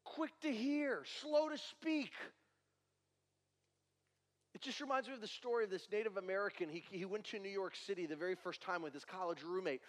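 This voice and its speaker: A man's voice: sits high, fast talker, few pauses, a bit bright, in a large hall. A male pastor delivering a sermon with emphatic preaching and repeated rhetorical questions.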